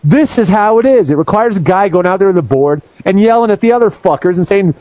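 A male talk-radio host who speaks in an angry, profane, shouting rant. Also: high voice, lively intonation, quick pace, hardly any pauses, no echo, lo-fi sound.

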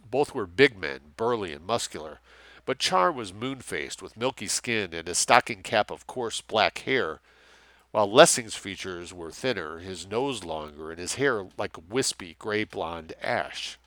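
A man reading a thriller aloud with steady, measured narration. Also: low voice, dry recording. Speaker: audiobook narrator. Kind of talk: scripted narration.

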